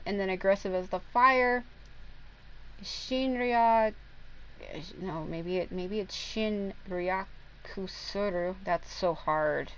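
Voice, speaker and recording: A woman's voice: medium pitch, rough recording. Chatty woman explaining a video game. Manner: chatty, stumbles over long foreign names, swears casually. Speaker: gaming content creator. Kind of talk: casual explanatory game talk.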